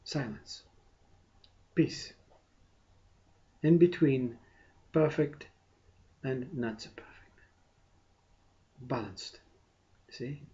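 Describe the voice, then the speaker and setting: A man giving a meditative spiritual talk, soft and unhurried, with long pauses and a repeated "you see". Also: mid-range voice, highs cut off. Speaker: spiritual teacher.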